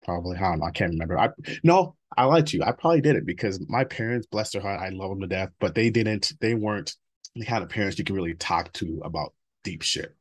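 A man's voice: deep voice, fast. A man in his thirties as an interview guest, talking bluntly and profanely about his past, with laughs between stories. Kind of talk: candid personal interview.

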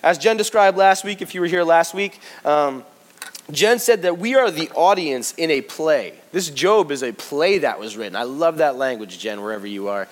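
Male pastor, sermon, fairly high voice, playful, speaks right to the congregation. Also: normal speed. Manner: lively and joking, talks straight to the congregation. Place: church service before a congregation.

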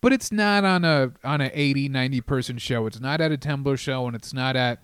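A man's voice: mid-range voice, a little fast, fairly bright tone, clear, resonant tone, dry recording, studio quality. A man, a comedian co-hosting a podcast, explaining his opinions at length in casual chat.

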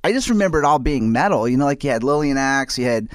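A man's voice: mid-range voice, lively intonation, quick pace, smooth, no echo, clean studio sound. A man from the New Orleans area hosting a casual interview, rambling with many fillers. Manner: rambling, lots of "you know". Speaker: podcast host.

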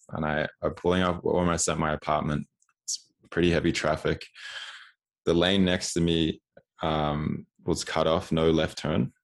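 Gravelly low-voiced man in his twenties. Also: little pitch movement, normal speed. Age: 20s. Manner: candid, repeats words while telling stories. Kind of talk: casual conversational storytelling.

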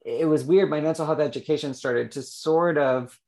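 Gravelly, halting male interview guest. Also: a little high, mellow. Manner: reflective and halting, with frequent restarts. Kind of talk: candid personal interview.

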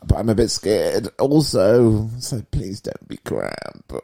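A man chatting on a podcast, measured and a little wry. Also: fairly low pitch, big pitch swings, gravelly, mellow, husky. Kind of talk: casual chat.

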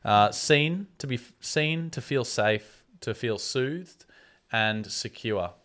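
A man's voice: medium pitch, slow, a bit bright. A man, co-hosting a casual podcast chat with laid-back, dry quips. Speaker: podcast co-host.

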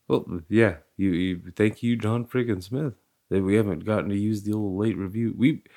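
A man's voice: lowish voice, steady tone, moderate pace, dark tone. A young man hosting a casual podcast chat, rambling, laughing often and swearing freely. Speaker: podcast host.

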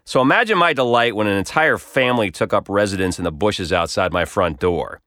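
A man narrating his own comic story in a wry, dryly humorous tone. His voice sits low but moves around a lot, with plenty of lift and fall. The sound is close and dry, with no room to it. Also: animated, brisk, a bit bright, no room sound. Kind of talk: scripted narration.

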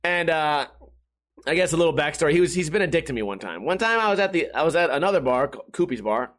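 A man's voice: animated, fast, fairly bright tone. A young man telling stories in a casual monologue, swearing often and mimicking the people he talks about. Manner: profane, laughing, mimics others in a higher voice. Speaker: storyteller.

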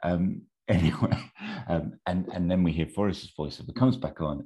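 Speaking in a deep, mellow voice at a moderate pace, a man casually chats his way through a made-up film plot he's pitching. He rambles with frequent ums and amused asides.

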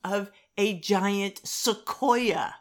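A middle-aged woman chats casually with a friend, circling her point through fillers and halting restarts. Her voice sits at an ordinary middle pitch. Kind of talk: casual conversation.

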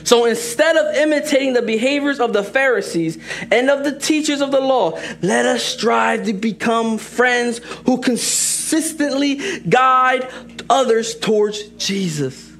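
A young man preaching a sermon as an assistant pastor, lively and joking, speeding up for asides and slowing down for emphasis. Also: very high voice, soft background music. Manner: lively, joking, shifts between fast asides and slow emphatic lines.

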